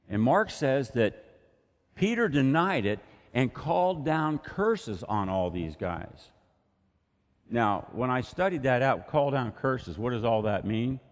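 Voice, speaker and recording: A man preaching a sermon in a church, speaking conversationally and asking rhetorical questions. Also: fairly low pitch. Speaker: pastor. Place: church sanctuary. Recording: long reverb of a church hall.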